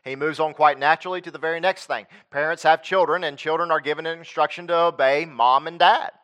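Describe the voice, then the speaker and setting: A man's voice: a little high, steady tone, fast talker, fairly bright tone. A man preaching a sermon as pastor, emphatic, repeating his points, restarting phrases and asking the congregation for agreement.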